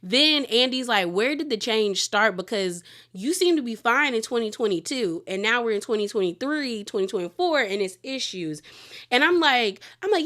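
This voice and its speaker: A woman's voice: on the high side, expressive, normal speed, fairly bright tone. Chatty woman recapping reality TV. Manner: chatty, with filler words and laughing asides. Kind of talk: casual episode recap.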